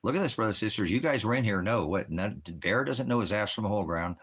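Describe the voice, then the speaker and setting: Deep-voiced angry American man ranting. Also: lively intonation, quick pace, a bit bright, slightly rough. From United States. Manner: angry, profane, berating chat viewers. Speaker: ministry livestream host; military veteran. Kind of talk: livestream rant to chat. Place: out in the desert.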